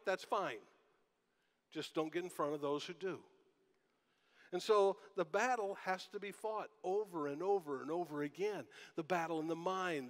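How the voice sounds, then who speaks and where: A man preaching a sermon as pastor, talking in a conversational way and asking the congregation rhetorical questions. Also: on the high side. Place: church sanctuary. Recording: long church hall reverb.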